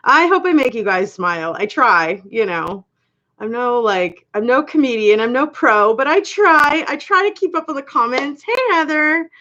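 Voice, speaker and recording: Chatty woman with a lively high voice. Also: moderate pace. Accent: slight accent. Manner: chatty, laughs often, talks to viewers by name. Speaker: livestream host. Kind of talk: casual live chat reading comments. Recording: dull lo-fi livestream audio.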